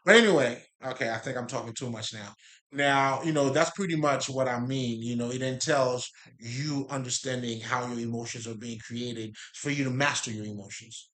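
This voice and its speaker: A man's voice: medium pitch, moderate pace, a bit bright. Rambling, profane man musing on spirituality. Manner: rambling, profane, laughs often, streetwise slang. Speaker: spiritual talk host. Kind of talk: casual spiritual monologue.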